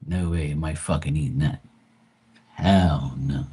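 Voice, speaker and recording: A man's voice: very deep voice, unhurried, slightly rough. A middle-aged man hosting a livestream, telling rambling family stories in casual chat, swearing freely and acting out quotes. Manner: profane, rambling, animated quoting of family. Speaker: livestream host.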